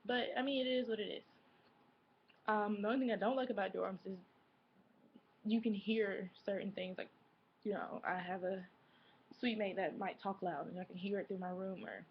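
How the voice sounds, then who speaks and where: A woman's voice: medium pitch, lo-fi sound, slight background noise. A woman in her twenties chatting casually to camera as a vlogger, rambling with lots of fillers and self-corrections. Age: 20s.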